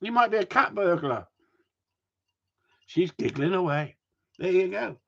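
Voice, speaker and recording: A man's voice: sits high, lively intonation, measured pace, creaky, fairly bright tone. Male dog trainer, live-stream host; rambling, sweary rants over muffled stream audio. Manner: chatty, ranting, swears casually. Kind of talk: casual live-stream chat reading viewer comments.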